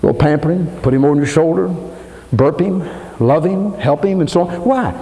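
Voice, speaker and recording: An older man preaching a dramatic sermon in a church, swinging between soaring emphasis and low asides. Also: normal speed, warm tone. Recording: long hall reverb.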